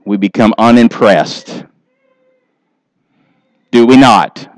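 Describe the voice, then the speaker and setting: A pastor preaching a sermon with animated delivery, briefly acting out the voices of people he describes. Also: lowish voice, slow pace, no echo, poor audio.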